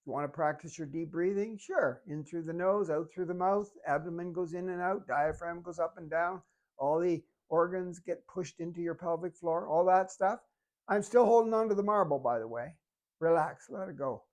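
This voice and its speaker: Fitness instructor, calm step-by-step coaching, mid pitch, exercise video. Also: moderate pace.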